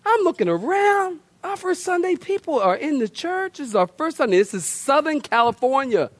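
A middle-aged male pastor preaching a storytelling sermon, animated and colloquial, with laughing asides and repeated words. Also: very high-pitched, normal speed, no echo. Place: church.

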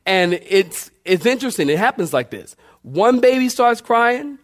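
A man's voice: sing-song, unhurried. A man preaching a sermon, building his points by repetition and calling on the congregation to respond. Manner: preaching with call-and-response, sweeping pitch swings. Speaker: pastor.

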